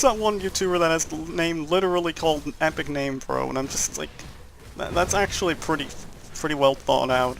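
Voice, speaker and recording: Gravelly young man rambling over gameplay. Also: on the high side, fairly quick, slight background noise. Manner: rambling, jokey, laughs at his own jokes. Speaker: gameplay commentator. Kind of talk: casual let's-play commentary.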